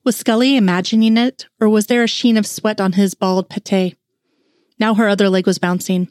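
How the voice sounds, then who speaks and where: A woman reading fan fiction aloud in a steady storytelling narration. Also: mid-range voice, moderate pace, dry recording, clean studio sound.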